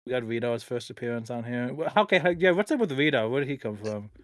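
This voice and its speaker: Halting, chuckling male podcast host. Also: mid-range voice, expressive, dry recording, studio quality. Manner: halting, filler-heavy, chuckling. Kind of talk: casual podcast interview.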